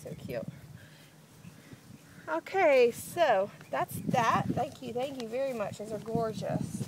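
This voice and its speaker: A young woman, gushing and excitable as she chats casually through an unboxing vlog. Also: fairly high pitch, takes it slowly, noisy background. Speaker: vlogger.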